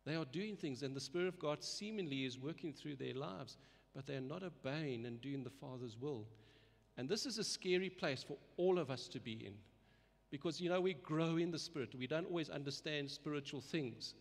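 A man's voice: a little high, normal speed, vocal fry. A man preaching a sermon in an earnest way, often repeating words and letting his voice rise and fall for emphasis. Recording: long reverb of a hall.

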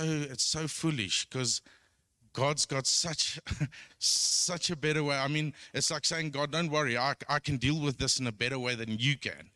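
A middle-aged man sharing an earnest personal church testimony, halting with restarts. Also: on the low side, pushed and bright, no echo, clean studio sound.

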